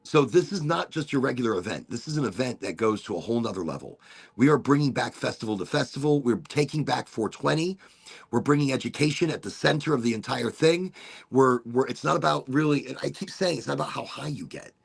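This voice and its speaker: A man's voice: mid-range voice, expressive, brisk, vocal fry, slightly rough. A man hosting a casual livestream talk show, rambling enthusiastically with playful asides. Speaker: podcast host.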